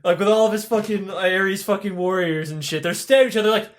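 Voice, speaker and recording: A podcast host tells stories for laughs, swearing constantly and rambling. His voice runs high for a man. He talks in a loose, casual way. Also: fairly quick. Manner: profane, rambling, animated. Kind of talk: comedic storytelling.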